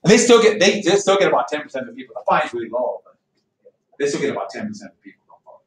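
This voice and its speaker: A man's voice: fairly high pitch, big pitch swings, rapid-fire. A male history teacher lecturing a class in a chatty, teasing way. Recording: echoey classroom from far off, faint noise.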